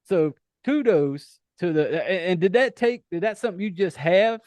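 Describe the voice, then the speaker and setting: A man's voice: high voice, moderate pace, a little mellow, no echo. A man with a Southern US accent hosting a podcast interview, chatty, laughing often and swearing freely. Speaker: podcast host. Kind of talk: casual interview chat.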